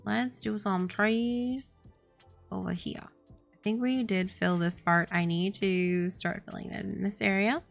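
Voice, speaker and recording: A woman's voice: medium pitch, steady tone, slow pace, creaky, soft background music. A woman streaming her game development work, chatting casually and rambling with lots of "like" and giggles. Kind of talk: casual chat while working on a game.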